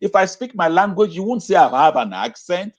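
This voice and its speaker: A muffled recording captures a high-voiced man whose pitch swings widely and who speaks fairly quickly. He is an educator being interviewed over a video call, and he argues impassionedly, circling back to the same phrases and throwing out rhetorical questions.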